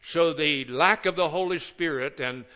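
A man's voice: fairly high pitch, moderate pace, bright, forceful tone, muffled recording. An older man, a pastor of many years, preaching a sermon with folksy, joking asides.

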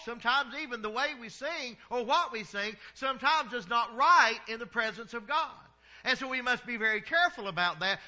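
A middle-aged Southern American pastor preaches in a high, very bright and ringing voice, folksy and easygoing as he draws out his vowels. The recording sounds a little muffled and dull. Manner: folksy preaching, drawn-out vowels, chuckles at his own stories. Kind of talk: sermon.

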